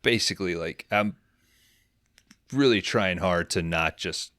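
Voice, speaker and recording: A young man riffs through a movie recap on a podcast, swearing freely and rambling between jokes. His fairly low voice comes across bright and forceful. The sound is dry and close to the mic. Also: clear, resonant tone, no echo. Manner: profane, rambling, acts out characters in quick voices. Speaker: podcast co-host recapping a film. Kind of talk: casual comedic movie recap.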